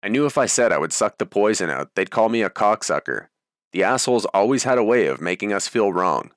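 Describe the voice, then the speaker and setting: Male memoir narrator: steady, even delivery, lower register, close dry recording. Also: brisk, no echo. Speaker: audiobook narrator. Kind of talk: first-person memoir narration.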